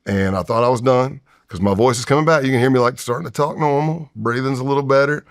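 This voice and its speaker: Gravelly man telling a tense story. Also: medium pitch, quick pace. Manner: vivid storyteller, acts out his own past voice and whispers. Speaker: retired FBI undercover agent, podcast guest. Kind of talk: storytelling in a long-form interview.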